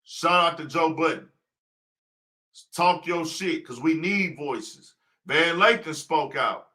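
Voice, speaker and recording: High, bright-voiced man preaching on a livestream. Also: slow pace. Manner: preachy, rhetorical questions. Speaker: podcast host. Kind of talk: casual livestream commentary.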